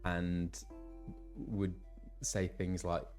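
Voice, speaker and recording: Slow, chatty man streaming a game. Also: sits low, steady tone, a little mellow, soft background music. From England. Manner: chatty, reading out viewer locations. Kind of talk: casual live-stream chat.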